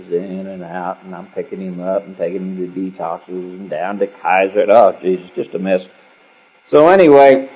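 A man's voice: fairly low pitch, gravelly, slightly rough. A man telling a personal story at a recovery meeting in a rambling, conversational, wry way. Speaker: speaker sharing his story at a recovery meeting. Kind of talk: storytelling talk. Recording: dull lo-fi recording.

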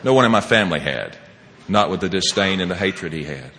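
A man sharing his personal recovery story as a speaker at a meeting, animated and laughing often, swinging between loud and hushed. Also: sits low, a little fast, long reverb tail, noisy background.

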